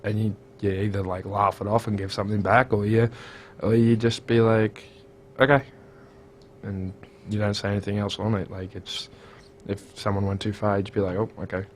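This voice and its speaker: Brief: Young Australian man, lowish voice, relaxed storyteller, faint room hiss. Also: fairly quick, hardly any pauses. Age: young adult. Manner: relaxed, storytelling, careful articulation. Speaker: student guest. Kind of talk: casual interview chat.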